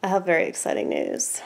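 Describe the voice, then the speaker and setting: A woman, chatting excitedly and swearing freely as she unboxes a package in a casual vlog. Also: lowish voice, gravelly. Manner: giddy, excitable, swears freely, repeats herself. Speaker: vlogger.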